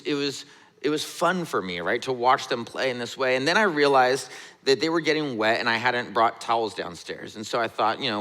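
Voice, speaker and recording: A man's voice: mid-range voice, sharp tone. A man in his thirties, a pastor, giving a sermon in a conversational, relatable way, often checking in with "right?". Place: church sanctuary. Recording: church hall reverb.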